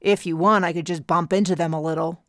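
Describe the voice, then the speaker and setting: A woman reading a loyal, wisecracking male crewman who teases his captain bluntly. The gravelly voice stays close to her own, low for a woman. It is a dry, close audiobook recording. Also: steady tone, fast, dry recording, natural voice. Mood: wry. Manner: teasing, blunt. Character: wry, loyal male crewman, gruff humor.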